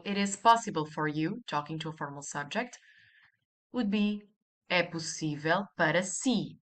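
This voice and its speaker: Woman teacher for a recorded lesson: unhurried, animated intonation, patient and repetitive. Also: mid-range voice. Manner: patient, repeats each example slowly. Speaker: language teacher.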